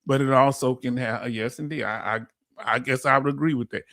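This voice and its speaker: A man with a Houston, Texas accent hosts a casual live-stream explainer. He talks in an energetic, folksy way and keeps addressing his audience as family. His voice sits at a middling pitch, and the sound is dry and close. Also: brisk, dry recording. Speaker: host.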